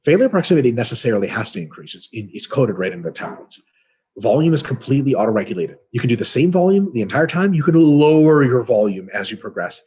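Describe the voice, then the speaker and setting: A man's voice: mid-range voice, big pitch swings, fast talker, mellow, slightly rough. A man co-hosting a casual webinar, answering training questions in a blunt, profane, explanatory way. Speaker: co-host answering fitness questions.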